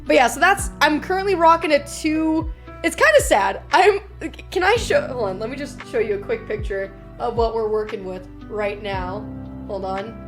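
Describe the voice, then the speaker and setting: High-voiced chatty woman streamer. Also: moderate pace, over music. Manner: chatty, swears freely, animated storytelling. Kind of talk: casual live-stream chat.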